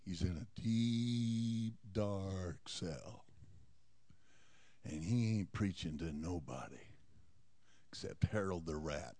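A man preaching, voicing a weary, humble prophet in a prison cell who speaks low, quiet and gentle. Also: animated, takes it slowly, pauses often, full character voice. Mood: grim.

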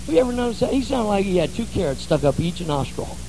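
High-pitched guy preaching in a church, folksy storytelling, faint hiss behind. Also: sing-song, quick pace. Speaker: pastor. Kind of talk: sermon.

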